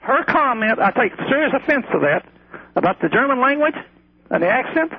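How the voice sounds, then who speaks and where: Male caller, very high voice, indignant and halting, dull phone line. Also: sing-song. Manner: indignant, halting, many restarts. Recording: muffled phone line with faint noise.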